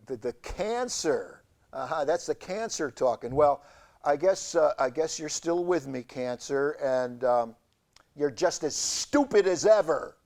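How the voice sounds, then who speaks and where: A man hosting a community TV show, telling a rambling comic monologue in a halting deadpan way with many fillers. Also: fairly high pitch, vocal fry. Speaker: show host. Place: community TV studio.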